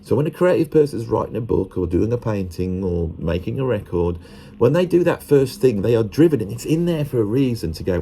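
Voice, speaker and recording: An Englishman talking to camera in a rambling, self-mocking monologue, often slipping into quick put-on voices. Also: fairly low pitch, sing-song, creaky, warm tone, slight background noise.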